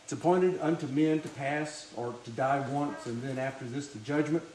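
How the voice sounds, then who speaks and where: A man preaching a sermon in church who keeps clearing his throat, coughs, and asks the congregation questions. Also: medium pitch, normal speed, darkish tone, a little hiss or hum.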